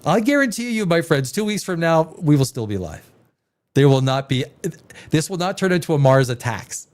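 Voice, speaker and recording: A man's voice: on the high side, big pitch swings, moderate pace. A man hosting a live stream, reacting to headlines with sarcastic, rambling casual commentary.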